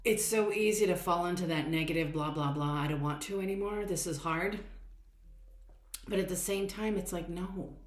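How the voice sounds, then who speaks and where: A woman hosting a podcast, giving chatty, encouraging motivational talk and repeating her phrases. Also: sits low. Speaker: podcast host and coach. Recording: echoey room.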